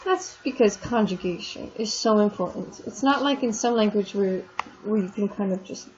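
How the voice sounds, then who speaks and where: A woman's voice: mid-range voice, animated, moderate pace. A woman teaching a French class in a recorded online lesson, explaining in a chatty way and stretching out the French words. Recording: dull lo-fi screen recording with faint noise.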